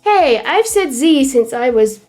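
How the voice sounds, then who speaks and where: A woman with an English accent mixing Essex and Midlands, chatting casually on a livestream while she works on animation, relaxed and hesitant with lots of ums. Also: high-pitched, measured pace. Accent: English, a mix of Essex and Midlands. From England. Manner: relaxed and hesitant, with frequent ums and trailing phrases. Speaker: animator streaming her work.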